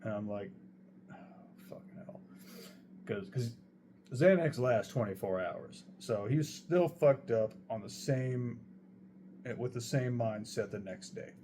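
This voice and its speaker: A man's voice: mid-range voice, unhurried, mellow, a little hiss or hum. A young man casually telling a true story, rambling and swearing heavily as he goes. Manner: profane, rambling, heavy swearing.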